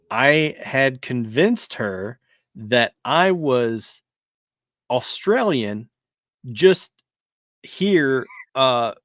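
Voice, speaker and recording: A man's voice: mid-range voice, no echo. A man chatting casually from his desk, taking his time with every sentence and wandering through fillers and restarts. His voice sits mid-range and sounds close and dry, and he laughs easily between thoughts. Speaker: podcast co-host. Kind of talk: casual chat.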